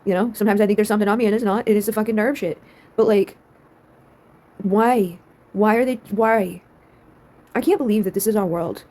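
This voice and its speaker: A woman's voice: medium pitch, a little fast, pauses often, mellow. A young woman ranting in a casual vlog, exasperated, swearing often and laughing between lines.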